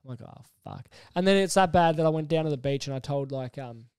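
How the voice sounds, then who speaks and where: Young man, casual podcast chat, animated, swears a lot, smooth voice, dry close sound. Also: on the high side, quick pace, no room sound. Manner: animated storyteller, swears freely. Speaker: podcast co-host.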